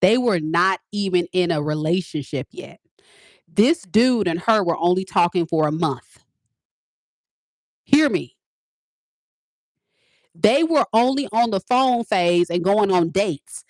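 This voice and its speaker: Animated woman telling a story, dry sound. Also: fairly low pitch, takes it slowly, pauses often, dry recording. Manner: animated, emphatic, repeats lines for effect. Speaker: tarot reader and spiritual advisor. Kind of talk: casual storytelling to viewers.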